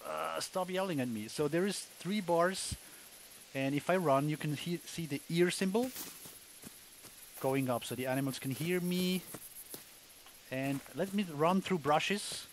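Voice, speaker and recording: A man's voice: fairly high pitch, unhurried, long pauses, a little hiss or hum, poor audio. A man casually commenting on a hunting video game as he plays, thinking aloud with wry asides. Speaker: gamer, let's play host.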